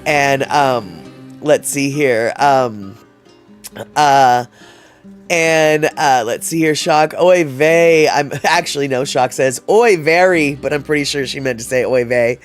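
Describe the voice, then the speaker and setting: A man's voice: medium pitch, slow, soft background music. A man hosting a livestream, chatting casually and reading out viewer comments in a rambling way, with many fillers and restarts. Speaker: livestream host.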